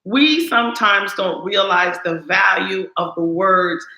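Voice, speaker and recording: A woman co-hosting a casual chat, telling a story with animated acted-out quotes. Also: medium pitch, unhurried. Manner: animated, acts out quoted lines. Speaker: co-host. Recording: roomy echo.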